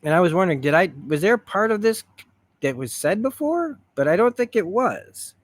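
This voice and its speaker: A man reviewing a TV episode in a rambling, excitable way, retelling scenes as he goes. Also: high voice, brisk, no echo. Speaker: show reviewer. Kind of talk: stream-of-consciousness review.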